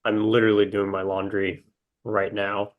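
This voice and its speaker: A man's voice: on the low side, level tone, moderate pace, narrow, tinny audio. A man playing as a contestant on a podcast quiz, joking around in an offhand way. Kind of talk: casual chat.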